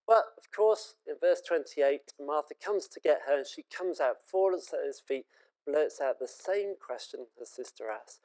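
A man's voice: fairly high pitch, lively intonation, a little slow, a little mellow, poor audio. A British man preaching a sermon in an earnest, conversational and emotive way.

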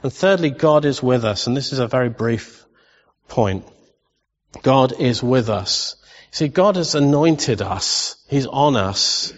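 A man's voice: mid-range voice, expressive, takes it slowly. A man preaching a sermon in a conversational way. He asks his listeners questions and adds playful asides. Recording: dull recording in a long-reverb hall.

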